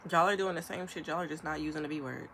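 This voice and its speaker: A woman's voice: low voice, a little hiss or hum. Emphatic young woman ranting on camera. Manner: emphatic, rapid-fire, animated with imitated quotes. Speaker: vlogger. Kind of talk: ranting commentary.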